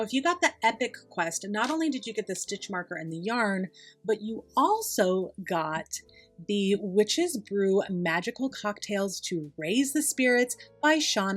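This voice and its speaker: A young woman hosting a casual yarn unboxing review, gushing with enthusiasm and exclaiming over every item. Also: medium pitch. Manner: gushing, enthusiastic, repeats "oh my gosh". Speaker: yarn channel host.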